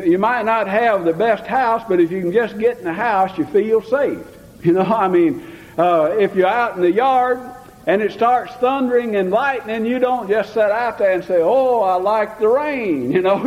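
A man's voice: sits high, expressive, moderate pace. An older man preaching a folksy sermon, mixing homespun stories with fervent calls to the Lord. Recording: dull lo-fi sound with long hall reverb.

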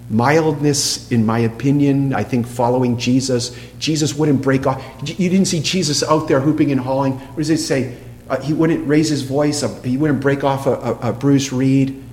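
A man delivers a sermon in a large room, and his voice trails off in a long reverb. A faint hum runs underneath. He speaks emphatically and asks the congregation rhetorical questions, then drops to a hush for quoted lines. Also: medium pitch, moderate pace. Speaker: preacher.

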